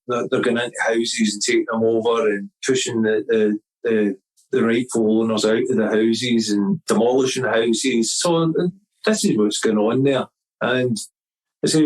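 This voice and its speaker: A middle-aged man talks at an everyday mid pitch as a podcast guest. He tells his story in loose, rambling casual chat. He restarts his phrases often and slips into the voices of the people he quotes. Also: rough recording. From Scotland.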